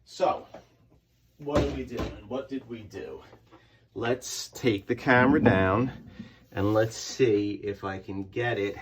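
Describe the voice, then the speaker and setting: A man walking viewers through a hands-on comic book restoration in a chatty way, repeating himself as he works. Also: husky. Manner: makes squeaky sound effects in a high voice. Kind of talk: casual hands-on tutorial.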